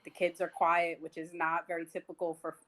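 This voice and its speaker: A woman's voice: on the low side, flat delivery, brisk, a bit bright, rough recording. A woman in her twenties, a teacher, speaking as a podcast guest over a video call in an earnest, thoughtful way. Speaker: high school teacher guest. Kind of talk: casual podcast conversation.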